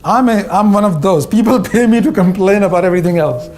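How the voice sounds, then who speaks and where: Wry high-voiced Indian-accented man. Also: brisk, darkish tone. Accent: Indian English. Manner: wry, punchy, acts out quoted voices. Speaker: speaker, former CEO. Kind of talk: humorous conference talk.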